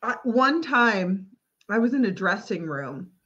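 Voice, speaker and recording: A woman hosting a podcast, chatting casually with lively, laughing reactions. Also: medium pitch, unhurried, husky, lo-fi sound. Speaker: podcast host. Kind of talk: casual chat.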